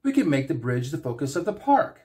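A man's voice: on the high side, sing-song, a little fast, dark tone. A man voicing Trelane, a flamboyant and childish godlike male aristocrat, in a theatrical, sing-song and haughty manner, in a fan story reading. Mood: gleeful.

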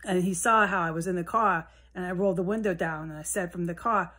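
A woman rambling alone at home in a solo monologue, swearing often and drifting between low mutters and heated outbursts. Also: brisk, hardly any pauses, sharp tone. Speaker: vlogger. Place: at home, indoors with a window open.

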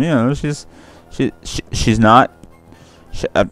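A man's voice: medium pitch, takes it slowly, fairly bright tone, faint music behind. A young man doing casual let's-play commentary, rambling, swearing freely and correcting himself mid-sentence. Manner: rambling, profane, self-correcting.

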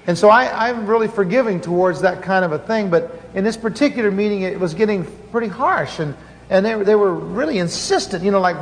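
A man's voice: high-pitched, brisk. A man preaching a sermon, telling a story with earnest restarts and fillers. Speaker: pastor. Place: large conference hall. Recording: conference hall reverb, faint noise.

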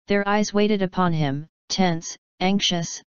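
Woman narrator, storybook reading, crisp lowish voice, dry and a touch dull. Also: takes it slowly, no room sound. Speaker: audiobook narrator. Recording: slightly muffled dry recording.

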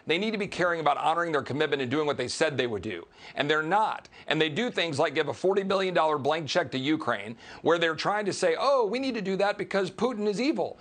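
A combative man from Texas speaks as a congressman on a political interview show, with a voice pitched a little higher than most men's. He piles up rhetorical questions and hits each point hard, his tone emphatic and fired up. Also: a bit bright. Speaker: congressman and guest.

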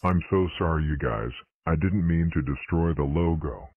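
A man's voice: very deep voice, moderate pace, phone-quality sound, heavy background noise, voice pushed down. A man voicing an apologetic male cartoon logo letter in an earnest tone.

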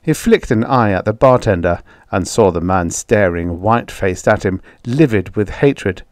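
A man narrating a science fiction short story as an audiobook, in a measured, even storytelling manner. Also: fairly low pitch, dry recording, studio quality.

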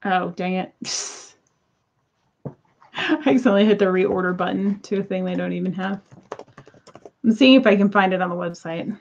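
A woman's voice: medium pitch, steady tone, moderate pace, vocal fry, pauses often, a little mellow, highs cut off. A woman in her thirties chatting casually to viewers while unboxing crystals, exasperated and talkative. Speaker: crystal seller.

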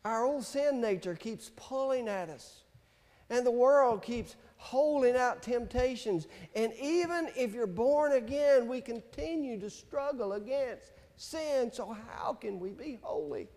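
High-voiced slow-preaching man. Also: lively intonation, darkish tone, long reverb tail. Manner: slow, emphatic preaching with scripture readings. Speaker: pastor. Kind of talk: sermon. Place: church sanctuary.

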